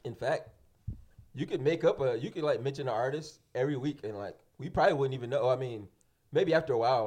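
A man's voice: mid-range voice, fast talker. A man co-hosting a podcast in casual chat, joking and telling playful made-up stories. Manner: joking, animated storyteller. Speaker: podcast co-host.

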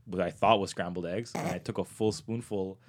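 A man's voice: sits low, steady tone, a little fast. A young man from Toronto, a touring performer, telling casual podcast stories, swearing and acting out quotes with laughter.

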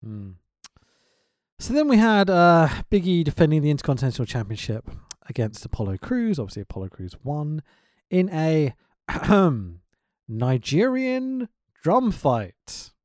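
A man's voice: a little high, normal speed, dry recording, studio quality. A man co-hosting a casual wrestling podcast, ranting with lots of swearing and indignation. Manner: animated, profane, indignant ranting.

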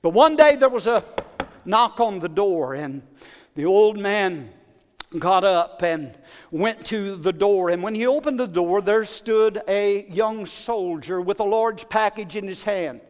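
A man preaching a sermon, telling a story dramatically and building to shouted praise in a large church hall. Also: sits high, measured pace. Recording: long hall reverb.

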